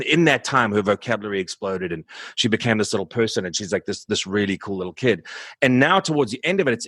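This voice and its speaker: A man in his forties talking candidly in an interview, halting and subdued, with many restarts as he searches for words. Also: fairly low pitch, a bit bright, slightly rough, dry recording. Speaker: musician guest.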